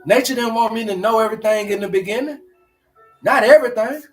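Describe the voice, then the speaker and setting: Male host, higher voice; preachy, repetitive livestream teacher addressing viewers. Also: fast, faint music behind. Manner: preachy, repetitive, slangy, talks to chat.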